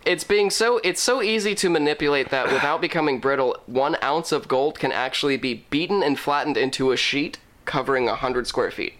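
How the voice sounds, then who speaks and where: Man, podcast co-host, rambly storyteller, fairly high and bright voice. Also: fairly quick, hardly any pauses. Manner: rambling storyteller, laughs often. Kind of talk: casual comedic chat.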